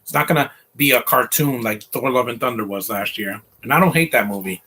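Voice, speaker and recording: A man's voice: medium pitch, fairly quick, pushed and bright, husky. A man hosting a casual live movie commentary, opinionated, rambling and defensive.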